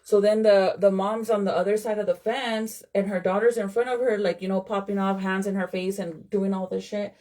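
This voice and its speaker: A woman's voice: mid-range voice, steady tone, fairly quick, few pauses, darkish tone. A woman reacting to a video in casual commentary, blunt and fired up, swearing freely. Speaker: content creator reacting to a clip.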